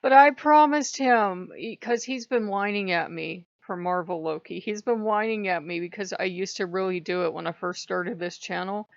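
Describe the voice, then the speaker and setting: A woman chatting casually to her channel, animated and laughing often as she slips into mock voices. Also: mid-range voice, normal speed, gravelly, few pauses, dry recording, muffled recording. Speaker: YouTuber.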